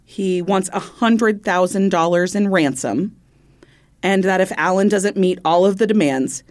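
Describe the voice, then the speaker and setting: A woman co-hosting a casual true-crime podcast, telling the story in an animated, giggly way. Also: mid-range voice, unhurried. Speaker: podcast co-host.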